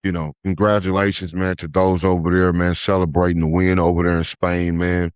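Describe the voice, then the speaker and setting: Male podcast host, low voice, loose chatty commentary, heavy "man" and "uh" filler, dry recording. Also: level tone, fairly quick, smooth, no room sound. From United States. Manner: says "man" after nearly every phrase, many "uh" fillers. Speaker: podcast host, life coach.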